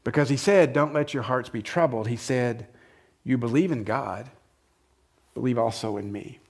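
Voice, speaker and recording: Male pastor, mid pitch, conversational sermon delivery, shifts between forceful and hushed. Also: normal speed, breathy edge.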